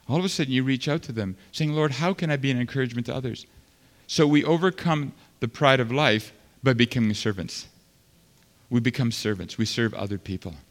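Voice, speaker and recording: A man preaching a sermon as pastor, swinging between loud fervent passages and quiet, earnest stretches. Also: medium pitch. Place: large church sanctuary. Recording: long hall reverb.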